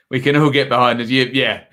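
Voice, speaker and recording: Between updates on the match, this man's live football watchalong stream has him chatting easily and reading out comments from viewers. He speaks in a mid-range voice with a sharp edge.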